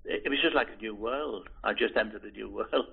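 Gravelly older man, tinny phone-like recording. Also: on the low side. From Liverpool, England. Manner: halting, hesitant, many restarts and repeated words. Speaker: oral history interviewee. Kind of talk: reminiscing in an interview.

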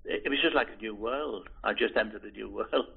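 Gravelly, husky older man reminiscing. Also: on the low side, brisk. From Liverpool, England. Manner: hesitant, restarts and repeats words, chuckles softly. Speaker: interviewee. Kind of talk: oral history reminiscence. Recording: tinny phone-like recording.

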